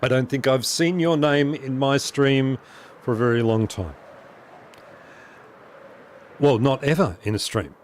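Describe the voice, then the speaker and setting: A man's voice: medium pitch, unhurried, pauses often, slight background noise. A man streaming a building game, chatting casually, laughing often and answering his chat aloud as he plays. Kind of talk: casual live-stream chat while playing.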